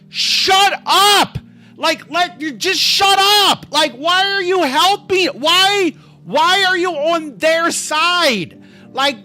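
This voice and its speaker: A man's voice: very high-pitched, bright, forceful tone. A man hosting a livestream, telling a travel story to his chat in a rambling, self-interrupting way. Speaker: livestream host. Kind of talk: casual storytelling to a live chat.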